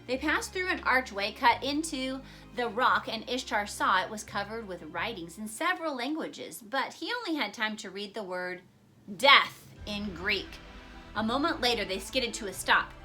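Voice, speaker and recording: A woman reading a children's adventure story aloud in an expressive, dramatic way. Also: on the high side, normal speed, soft background music.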